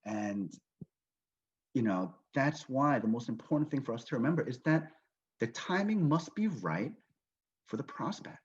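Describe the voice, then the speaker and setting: A husky, expressive man talks at a normal pace with frequent pauses during a motivational business training call from his Las Vegas home. He spins a story, acting out what people say, with his mid-range voice coming through dull, lo-fi audio.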